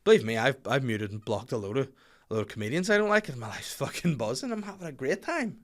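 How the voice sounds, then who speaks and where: Brief: Northern Irish male comic host, young adult, sweary solo podcast rants, mid pitch. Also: fast. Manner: swearing, animated rants that swing loud and high. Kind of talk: casual solo podcast chat.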